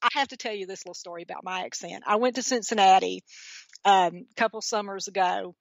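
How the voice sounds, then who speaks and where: A woman's voice: mid-range voice, steady tone, fast talker, vocal fry, dry recording. A woman with a thick Georgia accent, a guest author telling chatty stories in a casual interview. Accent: Georgia Southern. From Georgia, USA.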